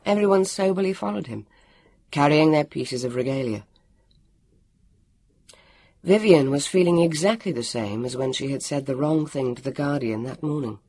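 A man reading a storybook aloud, with a lively, expressive delivery and acted voices. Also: a little high, moderate pace, long pauses, no echo. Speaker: audiobook narrator. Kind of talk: storybook narration.

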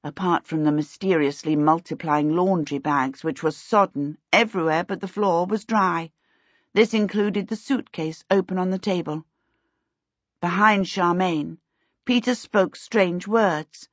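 A woman reading a storybook aloud in a measured, expressive narration. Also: mid-range voice, no echo, muffled recording. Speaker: audiobook narrator.

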